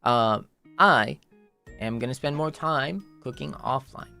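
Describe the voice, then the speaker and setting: A man's voice: medium pitch, slow pace, vocal fry, sharp tone, soft background music. A man chatting casually on his livestream in a playful, rambling way, full of "like" and repeated phrases.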